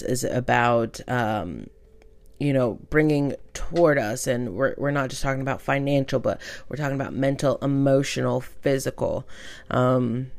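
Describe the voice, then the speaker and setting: A woman's voice: rumbling low, creaky, a little mellow. A woman hosting her own podcast, talking in a blunt, irreverent and chatty way, with plenty of ums along the way. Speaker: podcast host. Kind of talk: casual solo podcast talk.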